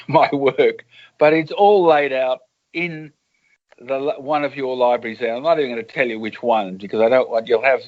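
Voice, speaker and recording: A man's voice: mid-range voice, muffled recording. An Australian man, an author and journalist, telling rambling anecdotes in a casual interview over a call.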